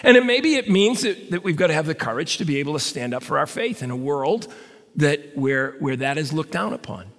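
A man's voice: a little high, big pitch swings, a little fast, a bit bright. A male pastor preaching a sermon in a conversational way with stammered restarts, recorded in a reverberant hall.

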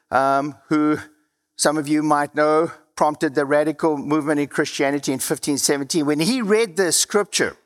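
A man with a South African accent preaching a sermon in a conversational way, his voice dropping low and quiet at the ends of phrases, with a slightly dry mouth. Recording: long hall reverb.

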